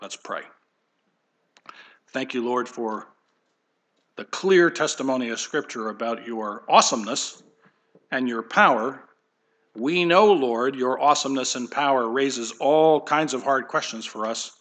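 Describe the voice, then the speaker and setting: A pastor leading a closing prayer in a quiet, hushed voice. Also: male voice, mid-range voice, a little slow.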